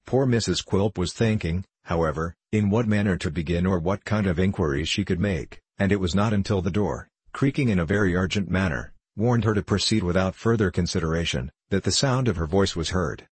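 A man narrating a classic novel in a measured, even storytelling manner. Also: sits low, breathy edge, no echo. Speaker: audiobook narrator.

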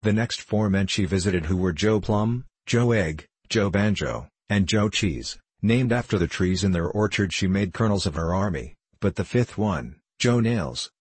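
A man reads a children's fantasy book aloud, keeping an even, steady storytelling pace. His voice is very low and husky. The recording is dry and close, with no room sound. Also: no room sound. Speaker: narrator. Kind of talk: audiobook narration.

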